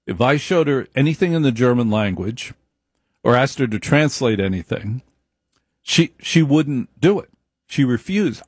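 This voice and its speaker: A man's voice: medium pitch, expressive, a little slow, a little mellow, husky, dry recording, clean studio sound. A man giving an opinionated monologue, emphatic, repeating his points and wandering into asides.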